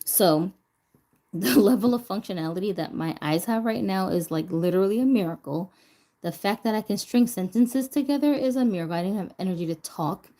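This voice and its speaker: Mellow-voiced woman chatting casually. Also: medium pitch, brisk. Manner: chatty, laughs often, talks to herself. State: recovering from a stroke. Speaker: doll vlogger. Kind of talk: casual chat while crafting.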